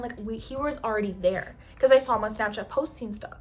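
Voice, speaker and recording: A young woman chatting casually while doing her makeup, telling a long story in an animated, slangy way, swearing often and acting out other people's lines. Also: on the high side, a little fast, few pauses, slight background noise. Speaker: beauty vlogger. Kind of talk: get-ready-with-me storytime.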